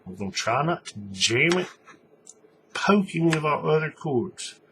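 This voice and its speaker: A man's voice: fairly high pitch, sing-song, measured pace, background noise. A man giving a casual, folksy hands-on craft tutorial, talking while he works. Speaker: paracord tutorial maker.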